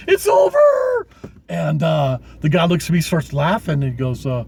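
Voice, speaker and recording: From inside a moving truck cab, with road and engine noise behind, a man tells rambling stories on a live stream. His slightly high voice is creaky and a little mellow at normal speed, and he laughs often, dropping "man" and mild swears.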